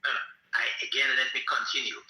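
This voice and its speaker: Calm man, bright and echoey. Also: mid-range voice. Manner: calm, halting, restarts often. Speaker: guest caller.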